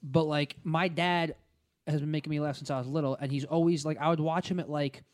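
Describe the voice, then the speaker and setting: Fast-talking young man, rambling and profane. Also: fairly high pitch, steady tone. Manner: rambling, profane, many fillers and restarts. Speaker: stand-up comedian. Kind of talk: casual podcast chat.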